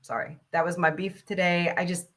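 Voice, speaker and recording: Blunt mom host cussing and laughing through a rant, bright sharp voice. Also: female voice, fairly low pitch, level tone, brisk. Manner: blunt, profane, laughs often. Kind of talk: casual ranting chat.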